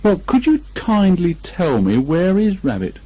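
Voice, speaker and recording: A man's voice: high-pitched, wildly swooping pitch, a little slow, voice pushed up, heavily acted. A man voicing a greedy, simple-minded male teddy bear in a storybook reading, bumbling and hesitant, on a muffled old tape. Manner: bumbling, hesitant, loud exclamations.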